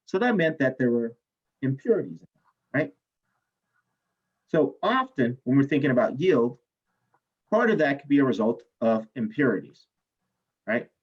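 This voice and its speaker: Animated male chemistry teacher, lo-fi. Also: medium pitch, unhurried, long pauses, breathy edge. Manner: animated storyteller, asks "right?" often, swears. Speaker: chemistry instructor. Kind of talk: classroom lecture, telling a personal story. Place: classroom.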